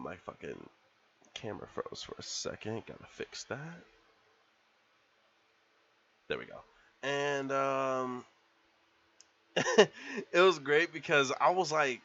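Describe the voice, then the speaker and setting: A man's voice: mid-range voice, sharp tone. A man in a casual movie review vlog, retelling scenes in a rambling, profane, laughing way, on a slightly dull lo-fi recording.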